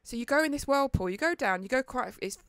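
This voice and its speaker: A woman in her thirties from England, with a Northern English accent, co-hosts a podcast and tells a dramatic story in casual chat, acting out quotes with animation. Her high voice is fast and smooth. The studio-mic recording is studio quality, with no room sound.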